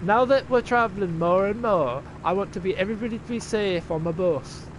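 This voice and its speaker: A man's voice: sits high, lively intonation, quick pace, slight background noise. A man mockingly imitating a prim female bus driver reading a safety advert. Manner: mocking, exaggerated impression.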